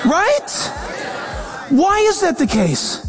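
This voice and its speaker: A man preaching a sermon as pastor, animated and mixing scripture with humorous quoted voices. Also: very high-pitched, measured pace, a crowd in the background, noisy background. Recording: long reverb of a large hall.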